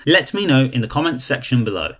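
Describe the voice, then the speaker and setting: Upbeat guy doing the channel sign-off, bouncy intonation, mid pitch. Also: big pitch swings, brisk. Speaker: channel host. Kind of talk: scripted outro.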